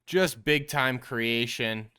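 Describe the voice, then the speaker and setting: A man's voice: medium pitch, slow pace, bright, forceful tone, clear, resonant tone. A man hosting a quarterback show, casually breaking down football film in a coach-like way, explaining each play step by step and calling his viewers the team. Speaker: quarterback trainer and show host.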